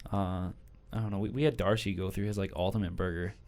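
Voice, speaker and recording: A young man hosting a college radio podcast, chatting casually, laughing often and telling stories with rising excitement. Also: low-pitched, fast. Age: young adult. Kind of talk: casual interview chat.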